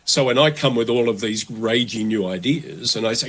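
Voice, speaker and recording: Animated male guest, mid-pitched. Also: moderate pace. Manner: animated, acts out quoted voices. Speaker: guest, relocation consultant. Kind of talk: conversational interview.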